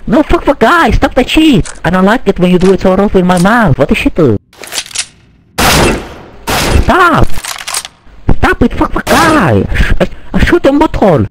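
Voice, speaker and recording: A man's voice: sits high, big pitch swings, normal speed, pauses often, noisy background. A young man voicing a taunting male gamer troll who swears in broken English, with game gunfire behind him. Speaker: online game player. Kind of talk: trash-talking in game voice chat.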